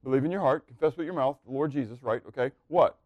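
A man teaching a Bible class, asking questions and waiting for answers, swinging from loud emphasis to near-murmured asides. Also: mid-range voice, fast, dry recording, lo-fi sound.

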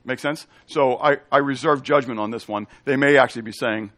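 A man's voice: medium pitch, a little fast, fairly bright tone, dry recording. A man preaching a teaching sermon in a conversational way, often checking in with "okay?" and explaining Hebrew and Greek terms. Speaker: pastor.

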